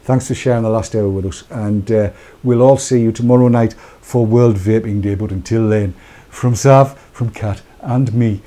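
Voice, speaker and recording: On a vaping talk show streamed live, one of the male co-hosts talks at a moderate pace in a lowish voice. His casual chat is full of jokes and lively asides.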